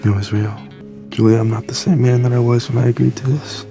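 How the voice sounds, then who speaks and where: A man's voice: mid-range voice, flat delivery, a little fast, gravelly, mellow, natural voice. An actor playing an earnest young man in a film, speaking sincerely and tenderly to the woman he loves. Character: earnest young man, devoted romantic lead. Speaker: romantic lead in a film. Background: film score music.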